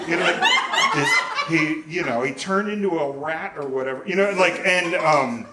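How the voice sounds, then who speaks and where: A man's voice: fairly high pitch, moderate pace, hardly any pauses, very noisy. A man in his forties, telling a comic story on a small theater stage in a rambling, self-mocking way, laughing along as he goes. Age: 40s. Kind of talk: live comedic storytelling. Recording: roomy live theater sound.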